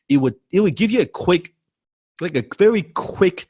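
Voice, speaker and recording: A male sales trainer teaches a lesson with a lively, swooping delivery. He hammers home key phrases by repeating them and slips into quick impressions of prospects. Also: a little high, breathy edge.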